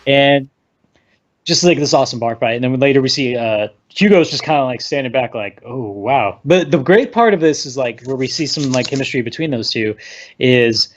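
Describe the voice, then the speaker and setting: A man hosting a casual movie discussion, retelling scenes in an animated way with lots of "like". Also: medium pitch, a little fast, dull audio. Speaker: podcast host.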